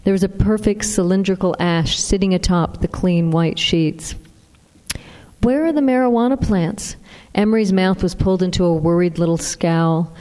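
A woman narrating an audiobook in a steady, even reading. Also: lowish voice, normal speed, hardly any pauses, clean tone. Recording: long reverb.

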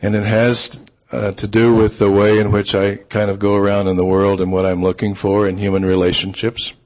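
Low-voiced man telling a relaxed story. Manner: relaxed, unhurried, with frequent ums. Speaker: author. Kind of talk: storytelling talk.

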